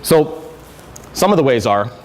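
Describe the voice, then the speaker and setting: A man's voice: mid-range voice, sing-song, a little slow, in a large hall, slight background noise. A man giving a conference talk, conversational and self-correcting with frequent fillers. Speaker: conference speaker. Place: lecture hall.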